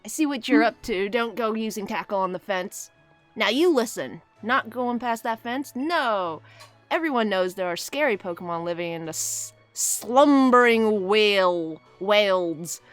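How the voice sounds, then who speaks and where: A woman's voice: mid-range voice, lively intonation, a little slow, faint music behind, pitched below the performer's own voice, lightly acted. A woman voicing a cheerful, teasing young male game rival in an awkward put-on British accent. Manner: awkward mock British accent, reading game lines aloud.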